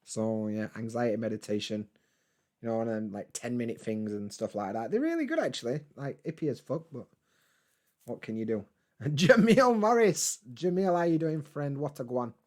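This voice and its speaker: A man's voice: mid-range voice, lively intonation, moderate pace, mellow. Laid-back man chatting. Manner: laid-back, chatty, swears freely, laughs often. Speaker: vlogger reading live chat. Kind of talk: casual live-stream chat.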